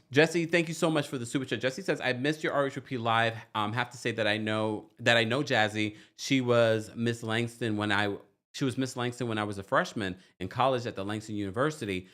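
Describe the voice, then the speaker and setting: A man hosting a reality TV recap livestream, chatting casually, reading viewer comments and laughing often. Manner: animated, laughs often, jumps into high squeals. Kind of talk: casual livestream chat reading super chats.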